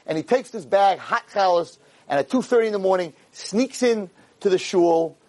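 Male lecturer, storytelling, husky voice, high and lively pitch. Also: normal speed. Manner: animated, acts out the characters' voices.

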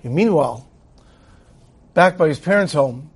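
A man's voice: a little high, measured pace, breathy edge. A man teaching a Torah lecture, retelling a story and acting out its dialogue. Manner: animated storyteller who acts out dialogue. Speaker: rabbi teaching.

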